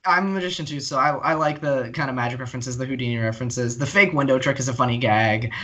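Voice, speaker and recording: A man in a relaxed podcast chat tells an episode plot step by step, filling pauses with plenty of ums and uhs. His voice sits at an ordinary middle pitch. He is also a magician. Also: highs cut off, a crowd in the background. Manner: steady storytelling with many fillers. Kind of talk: casual recap chat.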